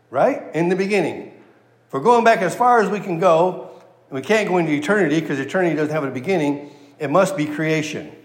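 A man's voice: on the high side, reverberant. A man preaching an expository sermon as a Bible teacher, repeating key phrases for emphasis and checking in with his listeners.

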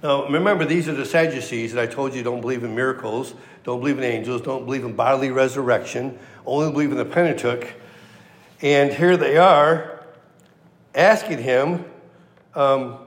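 A man's voice: medium pitch, normal speed, reverberant, long reverb tail. A male preacher giving a conversational, emphatic verse-by-verse sermon. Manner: conversational and emphatic, acts out quotes. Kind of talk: sermon, verse-by-verse Bible teaching.

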